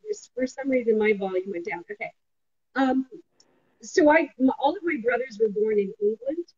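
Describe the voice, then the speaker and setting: Chatting upbeat over a video call, the marketing company president shares personal stories as an interview guest. Her voice sits on the high side, expressive and a little mellow at a moderate pace, though the lo-fi call audio sounds dull with faint noise.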